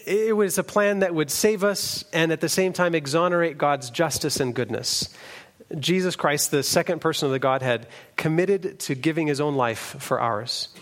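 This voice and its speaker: Earnest male preacher, fairly high voice. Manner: earnest, reads scripture aloud, some restarts. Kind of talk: sermon.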